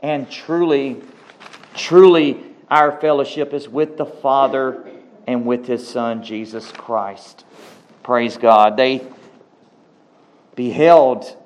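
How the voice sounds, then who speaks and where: Slow, emphatic male preacher. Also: medium pitch, darkish tone. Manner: slow, emphatic, repeating key words. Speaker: pastor. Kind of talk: sermon.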